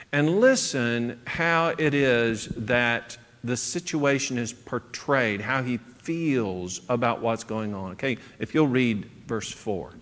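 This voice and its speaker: A man's voice: medium pitch, a bit bright. A man teaching a midweek Bible class, conversational, chuckling and asking the class questions, in a church classroom. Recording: echoey hall.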